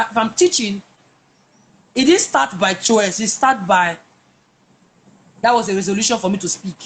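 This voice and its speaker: A woman with a medium-pitched, fairly bright voice shares her personal testimony as a guest in a conversation. She speaks emphatically, repeating words and restarting often, and there's a little hiss or hum.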